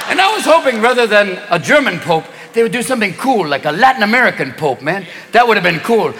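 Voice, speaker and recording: A male comedian working a live stand-up set with frantic energy, his high voice leaping all over the place as he snaps in and out of characters. The sound carries the long reverb of a large theater, with a loud crowd and steady noise around him. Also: normal speed. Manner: manic, jumps into wild character voices.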